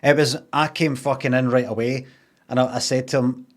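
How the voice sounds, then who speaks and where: A man's voice: medium pitch, level tone, normal speed. A Glaswegian man casually telling a rambling, sweary story, acting out what people said in changed voices. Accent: Glaswegian Scottish. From Scotland.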